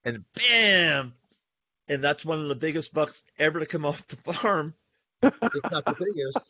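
A man's voice: a little high, expressive, unhurried, sharp tone, no room sound. A man hosting a podcast, telling stories animatedly and calling listeners "folks". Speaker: podcast host. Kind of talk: casual podcast conversation. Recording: dull lo-fi sound, dry.

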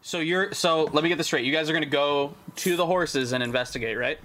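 A man's voice: a little high, a little fast, sharp tone. A young man as dungeon master, running a tabletop game with brash jokes and casual swearing. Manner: brash, joking, swears freely.

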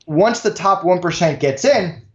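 A man's voice: animated, measured pace. A man answering interview questions as a company founder, talking fluently and backing his points with numbers. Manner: fluent, pitching with figures. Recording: echoey, dull room mic.

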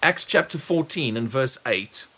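A man preaching a sermon, emphatic and repetitive, jumping up on key phrases and dropping low for quick asides. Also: expressive, husky. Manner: emphatic, repeats words, rises sharply on key phrases; drops low and quiet for asides.

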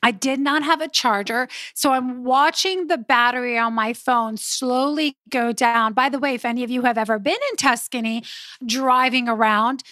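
A woman hosting a podcast, telling a personal story in a lively, casual way, laughing often and talking straight to her listeners. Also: a little high, moderate pace, no echo, clean studio sound. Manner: animated, laughs often, addresses listeners directly. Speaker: podcast host.

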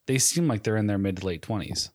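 A man's voice: fairly low pitch, lively intonation, fast talker, no echo, clean studio sound. A man co-hosting a podcast in casual chat, rambling with many fillers. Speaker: podcast co-host.

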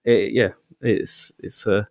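Low-voiced man chatting loosely. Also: fairly even intonation, slow pace, gravelly, a little mellow, no room sound, clean studio sound. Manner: rambling, many restarts and fillers, acts out quotes. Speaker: podcast co-host. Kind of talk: casual chat.

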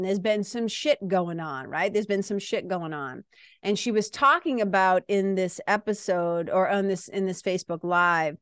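A woman's voice: medium pitch, fairly bright tone, clean tone, no room sound, studio quality. Candid Boston-accented woman host. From Massachusetts. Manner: candid and profane, rambling. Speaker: podcast host. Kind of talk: casual monologue.

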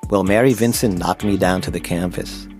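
A man's voice: low voice, normal speed, over music. A man narrating his own memoir in the first person, wry and self-deprecating.

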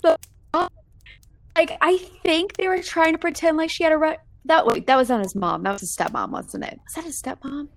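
A woman's voice: high voice, brisk. A woman co-hosting a podcast, chatting casually about a movie and acting out quotes. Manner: animated, acts out quotes, chatty. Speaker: podcast co-host.

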